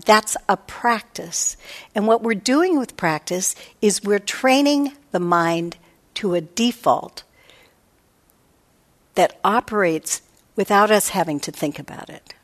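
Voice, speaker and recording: A woman meditation teacher giving a reflective dharma talk, often voicing her own inner thoughts. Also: medium pitch. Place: meditation hall.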